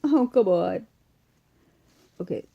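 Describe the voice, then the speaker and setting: Her voice runs on the low side, slow and expressive, with a creaky, breathy edge, and the highs are cut off. She's a Massachusetts-accented vlogger, sick and weak, chatting loosely through an unboxing at home with plenty of fillers and restarts, captured by a phone or webcam close in front.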